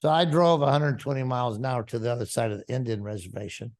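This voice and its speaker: Gravelly pastor telling his testimony. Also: medium pitch, steady tone, fast, darkish tone. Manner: storytelling, acting out quoted dialogue. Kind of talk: testimony told to a congregation.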